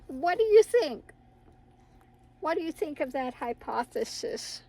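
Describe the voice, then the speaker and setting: A woman's voice: high voice, big pitch swings, measured pace, warm tone, low-quality recording. A middle-aged woman hosting her own channel, chatting casually to viewers in a rambling way and laughing often. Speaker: tarot reader and channel host.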